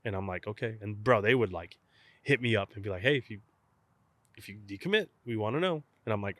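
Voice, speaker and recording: A young man from South Texas, a professional catcher, casually tells a story as an interview guest, acting out both sides of past phone calls with lively energy. His fairly low voice moves at a fairly quick pace, with no room sound.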